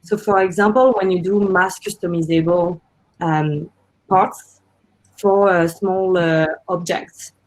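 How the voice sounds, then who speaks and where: A woman's voice: lowish voice, steady tone, takes it slowly. A woman founder speaks on a panel, explaining her points earnestly with small fillers. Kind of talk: panel discussion. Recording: muffled lo-fi audio.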